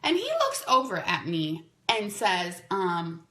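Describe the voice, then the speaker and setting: A woman hosting a podcast, telling a long story in a chatty, animated way that is full of "like" fillers. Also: medium pitch, slow pace. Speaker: podcast host. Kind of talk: casual storytelling monologue. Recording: roomy echo.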